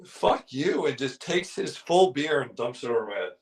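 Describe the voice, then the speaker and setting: A man in an easygoing chat, spinning a story at an ordinary pitch for his sex. He stumbles through restarts and fillers as he goes, and slips into the voices of the people he describes. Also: animated, a little fast, poor audio. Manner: rambling, full of restarts and fillers.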